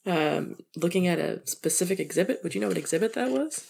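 A woman playing in a tabletop role-playing game, lively and laughing often. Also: on the low side, brisk, vocal fry, slightly rough. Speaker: player.

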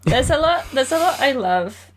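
A woman's voice: high voice, moderate pace. A woman co-hosting a podcast, casually and thoughtfully talking through a book's ideas. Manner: thoughtful, relaxed, musing. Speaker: podcast co-host. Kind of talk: casual book club chat.

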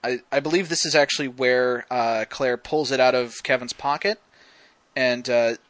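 A man's voice: medium pitch, steady tone, normal speed, a bit bright, dry recording. A man hosting a casual podcast that breaks down a film, wry and detailed, quoting scenes as he goes. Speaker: podcast host.

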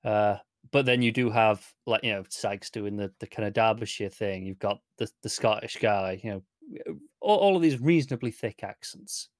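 A man co-hosting a podcast, talking in a measured, thoughtful and agreeable way during casual chat. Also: on the low side, no room sound, clean studio sound. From United Kingdom. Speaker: podcast co-host.

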